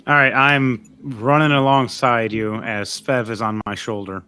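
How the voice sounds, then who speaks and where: A man narrating as game master of a tabletop game, animated and halting with fillers. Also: mid-range voice, smooth.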